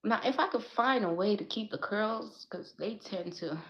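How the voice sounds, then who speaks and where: A woman vlogger talking straight to camera in a casual, emphatic, profane rant, going from soft musing to loud laughing outbursts. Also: medium pitch, moderate pace. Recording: echoey room, dull lo-fi sound.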